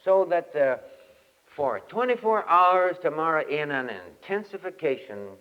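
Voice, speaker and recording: Man, folksy camp preacher, lively storyteller; old dull tape, long hall reverb. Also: a little high, measured pace, clear, resonant tone. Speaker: camp meeting speaker. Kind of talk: folksy sermon with humorous anecdote.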